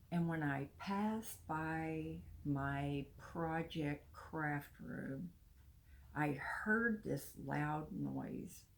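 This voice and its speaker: A woman's voice: sits low, gravelly. A chatty older woman, talking casually to her viewers and laughing now and then. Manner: chatty, confiding, laughs often. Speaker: vlogger. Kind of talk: casual talk to camera.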